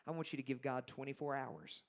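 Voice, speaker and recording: A man's voice: mid-range voice, big pitch swings, brisk, gravelly, pitched below the performer's own voice. A man voicing a firm mama. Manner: blunt, teasing and tender by turns. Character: a firm, loving Southern mother.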